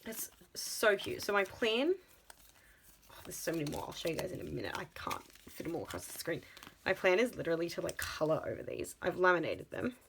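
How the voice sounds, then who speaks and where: A woman, chatting excitedly in a casual budgeting vlog, full of gasps and exclamations. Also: on the low side, fairly quick, vocal fry, noisy background. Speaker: budgeting vlogger.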